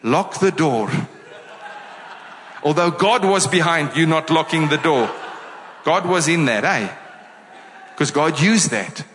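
A man with a South African accent preaching a sermon to his congregation, energetic and full of rhetorical questions. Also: fairly high pitch, a little slow, pauses often, big-room sound, a little hiss or hum. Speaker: pastor. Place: church hall.

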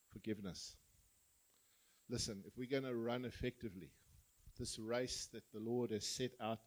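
A man's voice: medium pitch, a little mellow, poor audio. A man preaching a sermon, telling parables and acting out the voices of their characters. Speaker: pastor. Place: church.

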